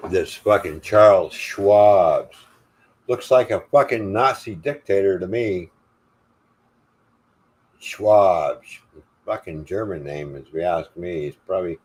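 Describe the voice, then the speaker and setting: A man's voice: low-pitched, slow, long pauses, a little mellow. An older man hosting a livestream, delivering an angry, profane, defiant rant. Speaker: livestream host.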